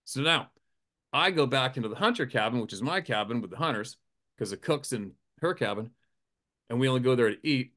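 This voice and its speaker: A man who works as a hunting guide, telling a profane, animated campfire story, laughing often and acting out the quotes in a raised voice. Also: medium pitch. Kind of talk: casual storytelling. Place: campfire outdoors.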